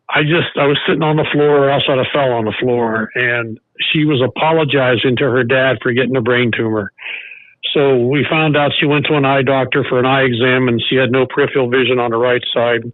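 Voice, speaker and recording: An older man, a former baseball coach, tells a personal story as a podcast guest, halting and restarting often. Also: medium pitch, no room sound. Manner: halting, with many restarts and fillers. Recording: narrow phone-like sound.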